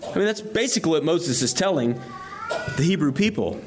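Reading scripture and unpacking it verse by verse, a male pastor delivers an expository sermon, pushing rising emphasis onto key phrases. He sounds fairly high-pitched, animated and fairly quick.

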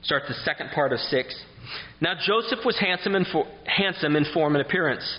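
A man's voice: on the high side, lively intonation, moderate pace, in a large hall, lo-fi sound. A man preaching an expository sermon who reads scripture aloud and asks his listeners questions.

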